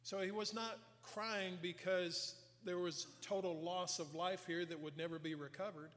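A man preaching a sermon, earnestly retelling scripture and dropping his voice soft for emphasis. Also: high voice, fairly even intonation, normal speed. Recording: long hall reverb.

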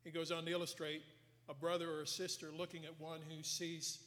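A man's voice: fairly high pitch, little pitch movement, brisk. Earnest man preaching in a reverberant hall. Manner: earnest, retells scripture with voiced quotes, drops soft for emphasis. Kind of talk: sermon.

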